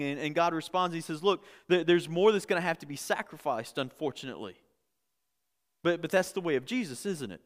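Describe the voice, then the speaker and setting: A man's voice: on the high side, animated, a little fast, in a large hall. A man preaching a sermon in a conversational way, often repeating words and building to emphatic peaks. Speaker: pastor.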